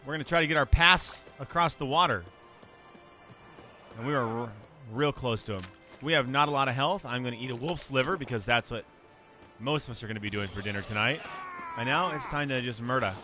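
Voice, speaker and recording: A man chatting through a video game playthrough, cracking jokes and bantering with the characters on screen. His voice is of middling pitch for a man. Game music plays clearly underneath his talk. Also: brisk, bright, forceful tone. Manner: joking, chatty, talks back to game characters. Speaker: gameplay commentator. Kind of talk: let's play commentary.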